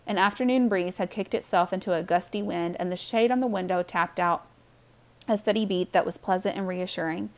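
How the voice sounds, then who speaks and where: A woman reading a children's novel aloud with warm, expressive storytelling. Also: fairly low pitch, brisk. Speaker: audiobook reader.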